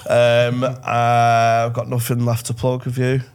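A man hosting a casual comedy podcast, relaxed and joking. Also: mid-range voice, measured pace, smooth. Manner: laid-back, wraps up with plugs. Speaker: podcast host. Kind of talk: casual chat.

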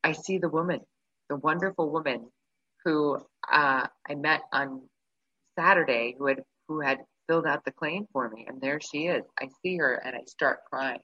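A woman guest telling a personal story in casual conversation, animated and acting out the voices of the people she describes. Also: deep voice, normal speed, husky. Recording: dull lo-fi recording.

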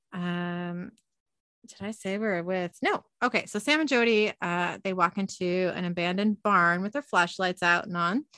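A woman's voice: on the low side, fairly bright tone, dry recording. A woman host animatedly recapping a TV episode in casual narration, laughing often.

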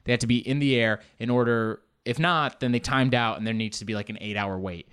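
A man hosting a podcast, telling a travel story in a rambling, animated way with sarcastic asides. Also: mid-range voice, a little fast, smooth. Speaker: podcast host. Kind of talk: comedic storytelling.

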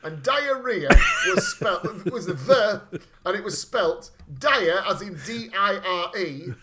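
Speaking slowly in a high-pitched voice, a man animatedly recounts comic stories about his family in a casual chat. He curses freely and laughs while talking.

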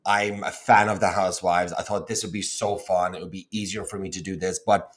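A man's voice: deep voice, fairly even intonation, fairly quick. A man, a cookbook author guest, telling a story in casual chat with lots of fillers. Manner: rambling, filler-heavy storytelling.

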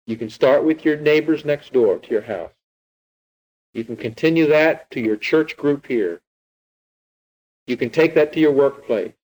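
A man's voice: fairly high pitch, a little slow, pauses often, a little mellow, rough recording. A man preaching as a pastor, retelling a scripture story and teaching with frequent rhetorical questions. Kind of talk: sermon.

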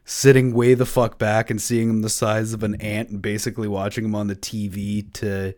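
A man co-hosting a casual podcast, telling a story in an animated way and swearing freely. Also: fairly low pitch, moderate pace. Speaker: podcast co-host. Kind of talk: casual chat.

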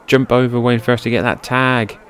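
An excitable man calls a wrestling match play by play into his own microphone, with a voice of ordinary pitch for a man. He drifts between quiet, offhand description and sudden loud, high-pitched shouts, and swears when things go wrong. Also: brisk. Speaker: wrestling commentator. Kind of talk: amateur play-by-play commentary over old footage. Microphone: personal microphone.

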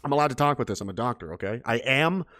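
A man's voice: mid-range voice, lively intonation, rapid-fire, a bit bright, no room sound, studio quality. A man ranting sarcastically and swearing freely, reading and answering his chat in a livestream.

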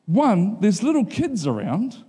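A man's voice: a little slow, husky. A middle-aged male pastor preaching a sermon in a casual, conversational way, often asking the congregation if they are following him. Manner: acts out quotes in a higher animated voice.

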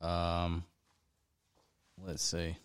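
A man's voice: low-pitched, monotone, drawn-out words, smooth. A man co-hosting a podcast, who stays laid-back and answers with short reactions. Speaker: podcast co-host. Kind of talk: casual chat.

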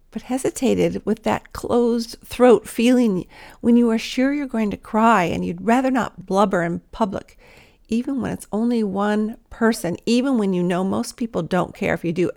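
A woman's voice: medium pitch, creaky, darkish tone. A woman giving a devotional talk in an earnest, intimate manner, sometimes dropping to a whisper. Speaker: Christian speaker.

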